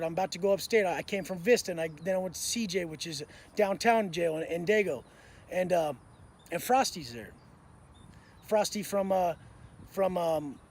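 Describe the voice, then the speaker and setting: A man telling a story in an intense, profane way, full of street slang. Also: high voice. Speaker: motivational speaker. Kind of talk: storytelling monologue.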